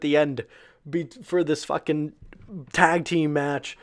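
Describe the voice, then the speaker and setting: A man casually recapping a wrestling show in a loose, filler-heavy way, swearing freely and breaking into excited disbelief. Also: on the high side, slow pace.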